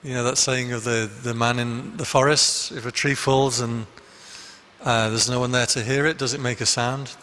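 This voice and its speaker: A man's voice: medium pitch, fairly even intonation, moderate pace, pushed and bright, slight background noise. A man, a Buddhist monk, giving a conversational dharma talk full of anecdotes in a meditation hall. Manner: conversational, anecdotal, with frequent restarts.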